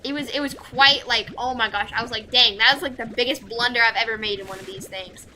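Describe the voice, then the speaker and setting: A young woman streaming a game, chatting casually with her viewers and gushing loudly over cute things. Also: on the high side, fairly quick, slight background noise. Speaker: VTuber streamer. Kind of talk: casual gameplay chat with viewers.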